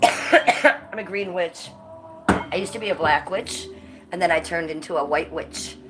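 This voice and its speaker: A woman's voice: lowish voice, unhurried, loud music behind the voice. A woman hosting a casual livestream, blunt and profane, her voice stuffed up from a cold, with coughs between her lines. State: congested and coughing. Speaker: livestream host.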